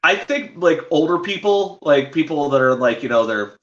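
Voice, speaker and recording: A man's voice: a little high, expressive, normal speed, reverberant, muffled recording, crowd noise. A man, a podcast guest, rambling through casual stories with many fillers and restarts. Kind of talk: casual storytelling chat.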